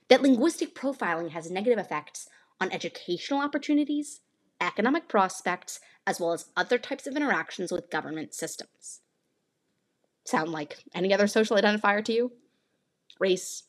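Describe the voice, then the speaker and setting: A woman's voice: medium pitch, slightly rough. A woman from Northern California hosting a podcast, giving an earnest, explanatory scripted narration. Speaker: podcast host.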